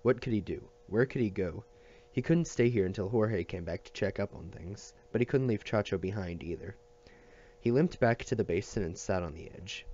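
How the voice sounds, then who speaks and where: A man reading a novel aloud at a steady pace, with small slips and restarts. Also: on the low side, moderate pace, dull audio. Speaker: audiobook reader.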